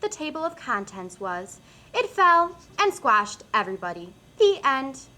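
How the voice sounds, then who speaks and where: Bright young woman reading a storybook. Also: high-pitched, very animated, unhurried. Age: young adult. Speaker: student narrator.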